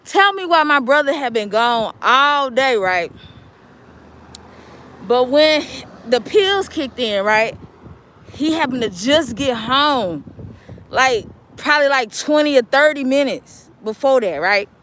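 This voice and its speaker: A woman vlogging outdoors on a city street while waiting for a bus, telling a story in an animated, emphatic, colloquial way. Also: high-pitched, slow pace, a little hiss or hum, rough recording. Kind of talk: casual storytelling vlog.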